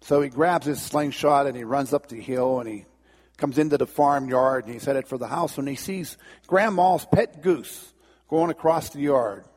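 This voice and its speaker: A man's voice: mid-range voice, normal speed, a little mellow. A man preaching a sermon in a folksy, conversational way, in a long church reverb. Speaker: pastor. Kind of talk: sermon with storytelling.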